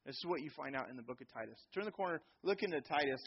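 A middle-aged man preaching a sermon in a church, animated, sometimes acting out children's voices. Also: mid-range voice, racing, breathy edge, dull audio. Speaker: pastor.

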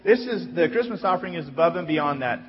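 A man's voice: fairly high pitch, expressive, fast. A male pastor giving church announcements in a conversational way, stopping now and then to correct himself. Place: church sanctuary. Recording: echoey hall, dull sound, music behind.

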